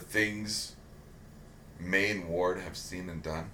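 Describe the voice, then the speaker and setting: A low-voiced man co-hosting a loose pop-culture chat, rambling through his points with plenty of swearing and jokes at his own expense. The room is echoey, with a faint hiss behind him. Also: steady tone, slow, bright, forceful tone. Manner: rambling, profane, self-mocking. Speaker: podcast co-host. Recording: roomy echo with faint background hiss.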